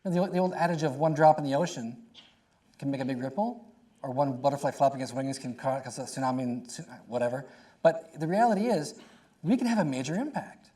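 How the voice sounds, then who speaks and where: A middle-aged man talks on a panel. He speaks conversationally and tells animated stories with quick asides. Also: mid-range voice.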